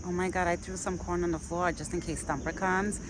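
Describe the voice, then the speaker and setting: A vlogger feeding a deer outdoors, switching between soft, sing-song baby talk to the animal and relaxed, chatty asides to the viewer. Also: mid-range voice, brisk, background noise. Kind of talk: casual vlog narration mixed with talk to an animal. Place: outdoors in a rural yard. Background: crickets and faint outdoor ambience.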